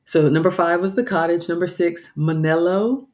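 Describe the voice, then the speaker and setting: A woman's voice: fairly low pitch, moderate pace, darkish tone. A woman from the American South chatting casually to viewers, tired, apologetic and a bit scattered. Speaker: vlogger, home cook. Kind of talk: casual live-stream chat.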